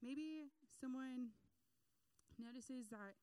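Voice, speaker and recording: A young adult woman giving a casual sermon, animated, acting out quotes and laughing between points. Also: sits high, extremely slow, smooth, no echo, rough recording.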